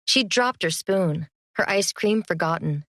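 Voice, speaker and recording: A woman narrating a first-person fantasy audiobook in an even, measured storytelling manner. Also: lowish voice, no room sound, studio quality.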